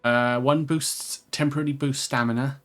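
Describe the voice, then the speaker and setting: A man's voice: medium pitch, fairly even intonation, moderate pace. A man with a Welsh accent hosting a co-op let's play, chatting casually and joking around while he plays. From Wales. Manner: joking, playful, swears often. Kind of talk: casual gaming chat.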